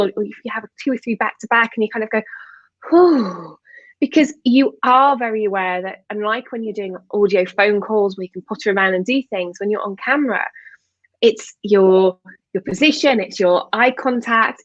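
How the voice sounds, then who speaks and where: A woman host talks casually on a slightly muffled video call line, with a dry, close sound and no room echo. She chats easily and keeps nodding along with her guest. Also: medium pitch. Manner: chatty, affirming with frequent mm-hmms. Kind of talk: casual live interview chat.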